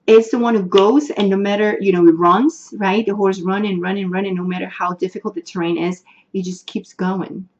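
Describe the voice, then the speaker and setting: A woman's voice: mid-range voice, a little mellow, highs cut off. Earnest woman. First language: Spanish. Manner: earnest, emotional, repeats herself, searches for words. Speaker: tarot reader. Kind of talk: casual tarot reading to viewers.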